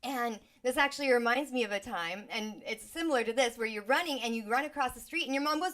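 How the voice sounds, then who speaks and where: A woman, a sound healer, explaining energy and the mind in a relaxed, chatty teaching talk, now and then acting out inner voices with sighs and exclamations. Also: a little high, quick pace, few pauses.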